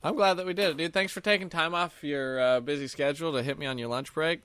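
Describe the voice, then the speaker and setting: A man's voice: a little high, fast, a bit bright, smooth, no room sound. A young man hosting a podcast, rambling casually through stories and laughing often. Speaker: podcast host. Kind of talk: casual chat.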